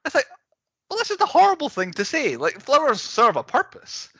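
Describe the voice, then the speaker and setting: Lively, bright-voiced man reviewing a film. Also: very high-pitched, brisk, breathy edge, no room sound. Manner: animated, rambling, acts out scenes in mocking voices. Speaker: podcast host. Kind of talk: casual film review chat.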